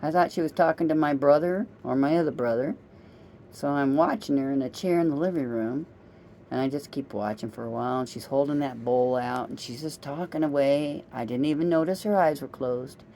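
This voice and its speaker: A woman's voice: extremely low pitch, a little fast, mellow, a little hiss or hum. A middle-aged woman vlogging in a casual, rambling monologue, chatty and self-amused as she wanders from one story to the next.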